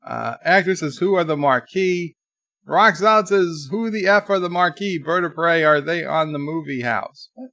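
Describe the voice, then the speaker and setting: Guy streaming and reading chat out loud, bit high voice, dry close sound, gets exasperated. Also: lively intonation, normal speed, vocal fry, dry recording. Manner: chatty, exasperated, reads chat aloud. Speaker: livestream host. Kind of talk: casual live chat reading comments.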